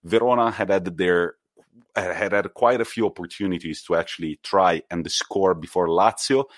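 Low-voiced man chatting football. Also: normal speed, no room sound. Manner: animated storyteller, acts out quotes. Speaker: podcast co-host. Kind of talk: casual football chat.

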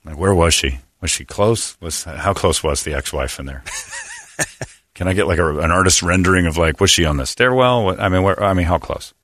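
A man's voice: low-pitched, normal speed, no room sound. A man hosting a radio morning show, telling darkly funny stories in sardonic, casual studio banter. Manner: sardonic storyteller with dark humor.

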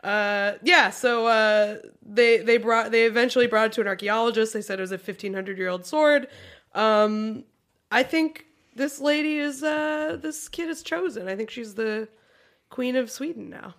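A woman's voice: a little high, normal speed, a bit bright. A woman co-hosting a podcast, chatting casually, rambling with lots of fillers and frequent giggles. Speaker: podcast co-host. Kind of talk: casual chat.

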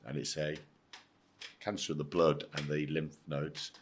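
A man's voice: very deep voice, little pitch movement, a little slow, a little hiss or hum. A middle-aged English man, a former footballer, telling his story bluntly and emphatically in a casual interview, swearing and acting out the dialogue. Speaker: podcast guest, former footballer.

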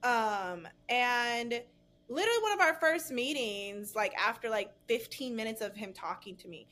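A young adult woman talks casually as a podcast guest influencer, chatty and heavy on fillers, with frequent restarts and bursts of laughter. Her voice is a little high with a sharp tone, lively intonation and a normal speed.

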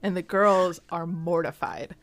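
Retelling a sitcom episode on the podcast she co-hosts, this young woman chats casually and leans heavily on "like" and "um" fillers. Her voice is on the low side and steady, a little slow, with slight background noise behind her.

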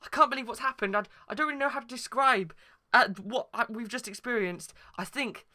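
A man's voice: very high voice, a little fast, pushed and bright. A young man bantering bossily in an improvised comedy sketch, teasing his partner.

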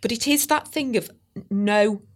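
A woman's voice: a little high, moderate pace. Chatty rambling woman. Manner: chatty, rambling, self-mocking. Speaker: podcast guest. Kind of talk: casual chat.

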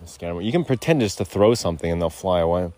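A man's voice: deep voice, expressive, fast, warm tone. A man hosting a podcast outdoors, rambling in loose, profane, digressive casual chat. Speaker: podcast host. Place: outdoors on a rural lot.

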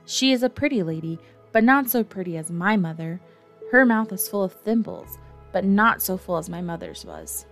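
A woman's voice: mid-range voice, big pitch swings, moderate pace, soft background music. A woman voicing a boastful, defiant young boy who never grows up, reading him in a storybook. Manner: bragging, defiant.

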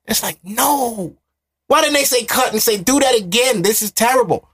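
A man's voice: extremely high pitch, animated, normal speed, a bit bright, slightly rough, no room sound. A man co-hosting a podcast, chatting casually and ranting bluntly with plenty of profanity. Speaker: podcast co-host. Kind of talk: casual chat.

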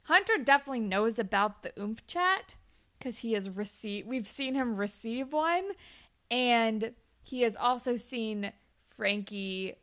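A young woman co-hosting a casual chat that recaps a TV show, talking fast with lots of "like" and laughing often. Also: on the high side, expressive, a bit bright. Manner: chatty, lots of "like", laughs often, acts out characters' lines. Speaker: podcast co-host.

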